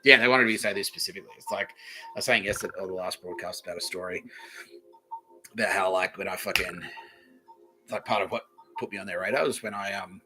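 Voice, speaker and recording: A man's voice: low voice, steady tone, fast, long pauses, over music, low-quality recording. An Australian man hosting a podcast, rambling casually and swearing freely. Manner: swears freely, loose and laughing. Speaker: podcast host.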